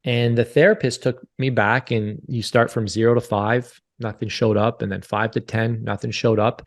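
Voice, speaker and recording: A man's voice: mid-range voice, level tone, normal speed. Podcast guest, man in his forties, earnest and confessional storyteller who repeats himself, mid-range voice. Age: 40s. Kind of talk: candid interview storytelling.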